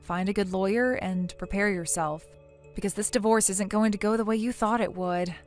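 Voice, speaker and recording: A woman's voice: mid-range voice, normal speed, a little mellow, faint music behind, lightly acted. A synthetic woman's voice playing a blunt young woman who lectures her friend sternly in a text-message story. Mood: scolding. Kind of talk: text-to-speech text story narration.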